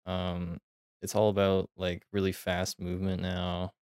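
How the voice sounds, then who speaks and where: A man's voice: sits low, monotone, measured pace, a little mellow, clean tone, dry recording, clean studio sound. A man co-hosting a casual podcast, laid-back and swearing, with lots of fillers. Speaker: podcast co-host. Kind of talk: casual chat.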